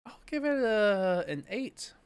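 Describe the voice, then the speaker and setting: A man with a fairly high voice that swings up and down in lively fashion co-hosts a casual movie review podcast. He giggles often and tosses out quick questions. His talk is loose and friendly. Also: smooth. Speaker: podcast co-host.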